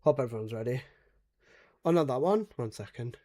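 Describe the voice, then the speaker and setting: A man's voice: mid-range voice, lively intonation, moderate pace, mellow. A young man streaming a game live, rambling casually, swearing freely and being sarcastic as he talks to his teammates. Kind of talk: casual live-stream commentary while playing.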